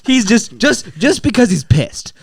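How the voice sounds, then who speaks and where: A man's voice: high voice, big pitch swings, unhurried, creaky, slightly rough, no room sound, clean studio sound. A young man co-hosting a podcast, telling a story in casual chat, swearing and laughing along the way. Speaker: podcast co-host.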